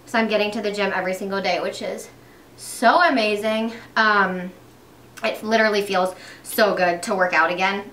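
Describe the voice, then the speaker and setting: A woman's voice: medium pitch, steady tone, normal speed, pushed and bright, echoey room, far from the mic. A young pregnant woman chatting casually while doing her makeup, upbeat, with lots of fillers and restarts. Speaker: beauty vlogger.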